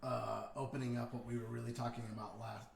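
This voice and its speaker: Gravelly, laid-back man in casual chat. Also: mid-range voice, level tone, fast. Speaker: podcast co-host. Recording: echoey room with crowd noise.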